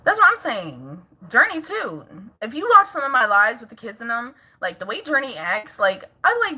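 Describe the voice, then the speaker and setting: A woman's voice: fairly high pitch, huge pitch swings, moderate pace, pushed and bright, breathy edge. A woman vlogging casually at home as a mother, chatting with viewers, laughing often and scolding her toddler in between.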